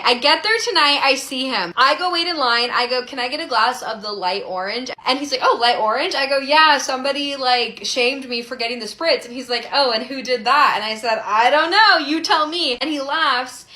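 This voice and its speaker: Chatty twenty-something woman, high and bright, casual storytime vlog delivery. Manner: chatty and animated, heavy use of "like". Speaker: storyteller in a clip.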